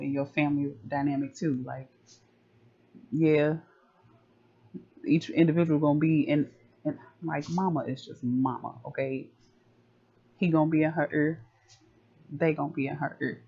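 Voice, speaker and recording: Gravelly, flat-toned man giving relationship advice. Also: on the high side. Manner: conversational, loose slang, acts out family talk. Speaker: relationship coach. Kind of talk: casual advice monologue. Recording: slightly dull lo-fi audio.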